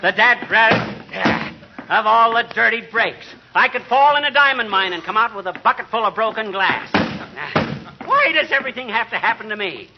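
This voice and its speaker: An actor playing a hot-tempered, blustering small-town husband who sputters mock-oaths, in 1940s radio comedy acting on a scratchy old recording. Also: male voice, high-pitched, lively intonation, normal speed, lo-fi sound. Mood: grumbling rant.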